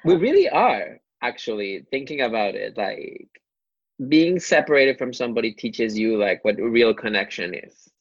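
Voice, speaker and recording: A podcast co-host in casual chat with a calm, dryly joking manner. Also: medium pitch, moderate pace, no echo. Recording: dry, lo-fi sound.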